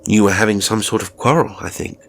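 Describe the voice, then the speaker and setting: A man voicing a calm, polite male live-in carer who speaks quietly, evenly and very literally. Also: lowish voice, fast talker, creaky. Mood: placid. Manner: quiet, even and formally literal. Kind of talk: audio horror story reading.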